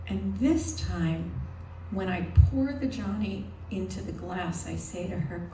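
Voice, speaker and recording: A woman tells a personal story live on stage, slow and deliberate, with real emotion behind it. Her voice sits at a middle pitch. It is caught from a distance in a roomy venue, with clear noise from the room. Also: dark tone. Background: audience noise.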